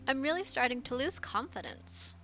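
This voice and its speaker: Casting: teen club president, composed, read plainly with lively pitch, by a woman. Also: normal speed, soft background music, full character voice. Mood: doubtful.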